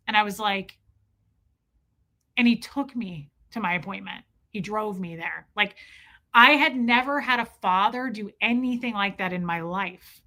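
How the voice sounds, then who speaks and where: A woman tells a personal story to her viewers, chatty and emotional, leaning on "like" constantly. Her voice sits at a middle pitch with a bright, forceful edge. She sounds in her thirties and talks straight to her audience. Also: unhurried. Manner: chatty, heavy use of "like", emotional. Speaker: vlogger.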